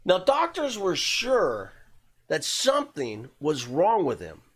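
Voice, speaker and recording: A man with a slightly higher voice hosts a podcast and tells a true-crime story. His delivery is loose and conversational. He uses plenty of fillers and the occasional blunt curse word. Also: wildly swooping pitch, takes it slowly.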